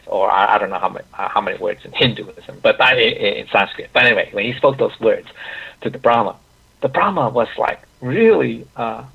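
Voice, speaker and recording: A man teaching an online class, talking in a halting way with many restarts and frequent "okay, right?" check-ins. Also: lowish voice, gravelly, husky, highs cut off.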